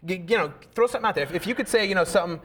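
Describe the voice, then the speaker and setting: A man hosting a comedy podcast speaks in a quick, slightly raised voice. He circles around his questions, repeating words and filling pauses as he goes. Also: high voice, noisy background. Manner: hesitant, repeats words while framing questions. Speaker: podcast host. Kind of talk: casual podcast interview.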